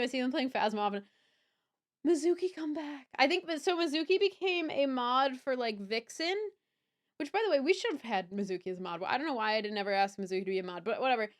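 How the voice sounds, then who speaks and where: A woman's voice: on the high side, a bit bright. A young woman streaming live, chatting casually and rambling with chat, swearing and laughing easily.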